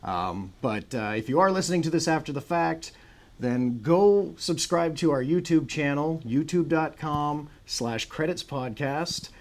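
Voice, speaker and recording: A man's voice: fairly high pitch, lively intonation, unhurried. Chatty male podcast host. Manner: chatty, with filler words and self-aware joking. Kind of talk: live-streamed podcast chat. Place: new studio with a green screen.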